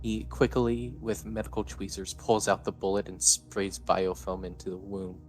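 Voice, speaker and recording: A low-voiced man narrates a story live, plain and matter-of-fact, with the odd "uh." His voice is deep and steady. Soft music plays underneath. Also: normal speed, poor audio.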